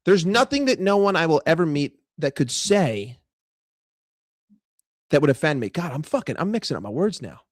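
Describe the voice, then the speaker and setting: A young man rants casually about football on his vlog, swearing often. His voice sits high and leaps around. The sound is dry and close. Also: moderate pace, dry recording. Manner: profane, animated, chatty. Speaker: football vlogger.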